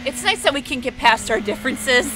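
Giggly american woman playing games, high voice, slow and swoopy, game music behind. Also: expressive, pushed and bright, slight background noise. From United States. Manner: giggly, playful. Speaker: let's play co-host. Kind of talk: casual gameplay chat.

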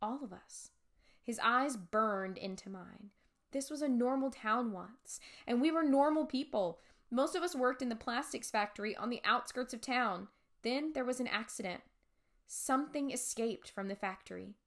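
A woman teacher reading a chapter book aloud for her class, expressive with dramatic whispers. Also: on the high side, normal speed. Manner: expressive, voices characters, frequent dramatic whispers.

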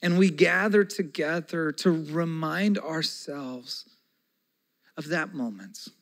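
A pastor in his forties delivers a sermon in a slightly higher-than-average male voice. He keeps it conversational and earnest, slipping in folksy asides as he speaks. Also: slow pace, a bit bright.

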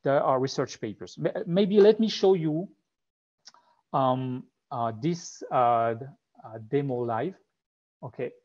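A man's voice: medium pitch, slow, darkish tone, muffled recording. A man with a thick French accent presenting a live tech webinar, talking with many fillers and restarts.

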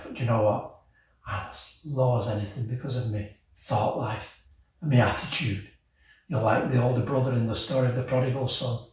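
Impassioned preacher man in echoey hall. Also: medium pitch. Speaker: senior pastor. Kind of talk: sermon. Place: church auditorium. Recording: echoey church hall, mic at a distance. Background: soft guitar music.

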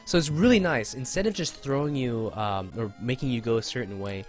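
A man's voice: medium pitch, a little fast, faint music behind. A man giving casual, rambling and enthusiastic commentary while playing an old video game. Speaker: let's play host.

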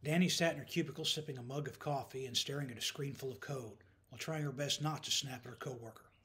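A man reading an audiobook as narrator, in calm, measured scripted narration. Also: mid-range voice.

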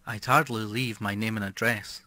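A man's voice: on the low side, fairly even intonation, normal speed, pushed and bright, dry recording. A man voicing an uneasy cheating husband. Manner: uneasy, frightened. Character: nervous unfaithful husband, adult man.

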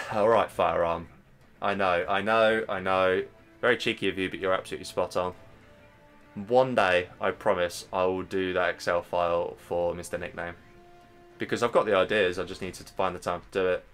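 An Englishman in his thirties hosts a live game stream, casting matches in a chatty style, speaking directly to his chat, and getting excited at big plays. His low voice moves at a moderate pace, with faint music in the background.

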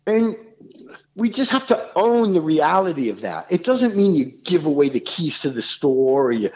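Animated New man, lively pitch. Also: moderate pace, lo-fi sound. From New York City. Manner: animated, rambling storyteller with frequent restarts. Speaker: rock singer, podcast guest. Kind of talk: casual podcast conversation.

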